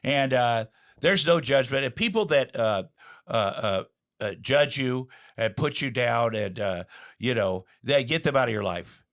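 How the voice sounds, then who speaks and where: A man's voice: mid-range voice, lively intonation, measured pace, a bit bright. A middle-aged man, a guest on an interview show, telling candid stories in a rambling way, with many fillers and restarts.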